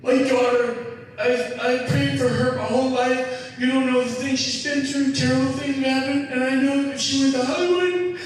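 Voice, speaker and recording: Sobbing older woman, shrill and tearful, put on by a man, from far off in an echoey hall. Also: level tone, normal speed, a little hiss or hum. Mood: tearful pleading. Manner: crying, pleading, high-pitched.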